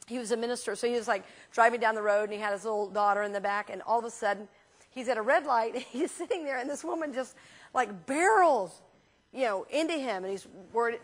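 A woman minister teaching a class in a church, talking casually and telling lively anecdotes with frequent restarts. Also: a little high. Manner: chatty, animated storyteller with frequent restarts.

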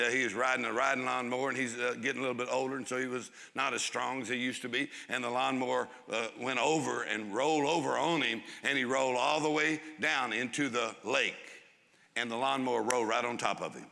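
A man preaching a sermon to a congregation, drawing out key phrases for emphasis and dropping into quick asides. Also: medium pitch, gravelly, bright, forceful tone, long reverb tail. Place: church hall before a congregation.

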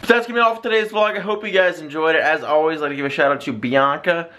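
A man's voice: very fast, pushed and bright, slight background noise. A man hosting a casual home vlog, chatting with his partner and pet. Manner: high sing-song baby talk to his pet. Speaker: vlogger.

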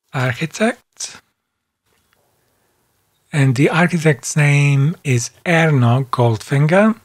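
Slow, calm male software instructor. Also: mid-range voice. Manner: calm, step-by-step, unhurried. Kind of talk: screen-recorded tutorial narration.

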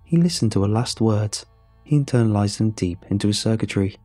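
A man narrating a horror story in a measured, somber way. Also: fairly low pitch, mellow. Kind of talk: scripted narration. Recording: faint music under the narration.

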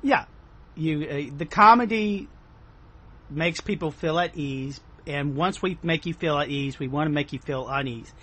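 Man, bright voice, rambling casual chat, hedging fillers. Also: a little high, normal speed, husky. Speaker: podcast host reviewing a film.

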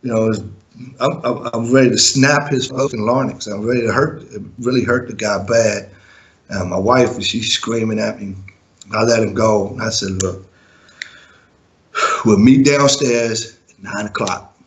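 A man's voice: fairly low pitch, steady tone, normal speed. A man and former music manager telling a story in an interview, blunt and profane, chuckling now and then.

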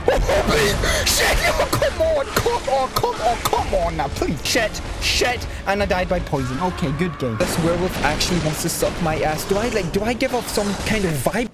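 A gamer giving loud commentary, swinging between yelling, swearing and joking at the enemies on screen. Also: mid-range voice, big pitch swings, normal speed, loud music behind the voice.

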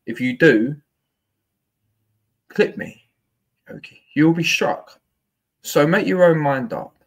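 A man's voice: on the high side, expressive, slow, creaky. A man on a livestream, ranting angrily, swearing, taunting and threatening.

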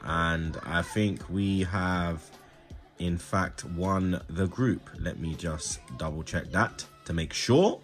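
A young man talks through his football video game in slangy, excitable commentary. His voice sits a bit low, with music playing faintly behind him. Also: takes it slowly. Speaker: gaming YouTuber. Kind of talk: casual gaming commentary.

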